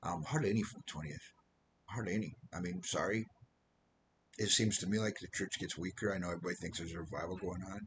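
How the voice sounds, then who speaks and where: A man's voice: low voice, steady tone, quick pace, a bit bright, slight background noise, poor audio. A man preaching an informal sermon as a missionary, rambling and losing his train of thought now and then. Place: Philippines.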